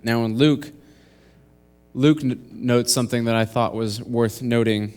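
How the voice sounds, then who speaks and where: A man's voice: mid-range voice, steady tone, a little slow, a little mellow, clean tone. A young man preaching a sermon, reading scripture aloud and earnestly explaining the verses one step at a time. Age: young adult. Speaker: intern preacher. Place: church.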